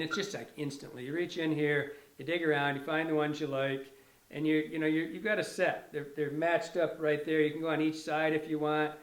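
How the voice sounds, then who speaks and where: A man's voice: on the high side, a bit bright, echoey room. Rambling man demonstrating fly tying. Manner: rambling, self-correcting, enthusiastic. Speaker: fly tier, instructor. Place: fly shop tying bench.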